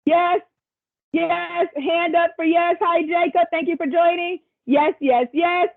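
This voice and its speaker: Woman presenter on a video call, super high voice, chatty encouraging asides, tinny sound. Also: fairly even intonation, slow, gravelly. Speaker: workshop presenter. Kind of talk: facilitating a virtual workshop.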